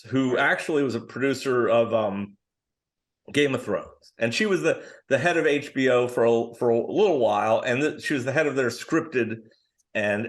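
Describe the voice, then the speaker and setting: Middle-aged guy on a podcast, storytelling, jumps into other people's voices, casual and lively. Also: medium pitch. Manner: animated anecdotes, acting out other people's lines. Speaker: guest screenwriter.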